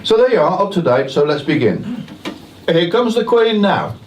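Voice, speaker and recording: A man's voice: sits high, very animated, normal speed, highs cut off. A man introducing an amateur pantomime to a live audience, chatty and self-mocking with jokey asides. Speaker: pantomime compere. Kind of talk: comic stage introduction. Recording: echoey, distant live room, noisy.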